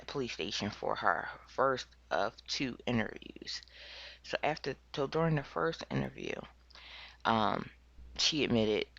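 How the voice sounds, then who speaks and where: A crochet vlogger at home telling a true crime story as casual chat, full of fillers and self-corrections, acting out quoted speech in a higher voice. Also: creaky, a bit bright, no room sound. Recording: dull, lo-fi, dry recording.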